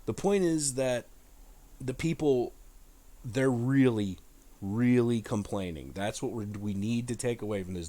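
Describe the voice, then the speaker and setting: A man's voice: mid-range voice, unhurried, warm tone. Casual, profane man riffing on scripture. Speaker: host. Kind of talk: irreverent Bible commentary.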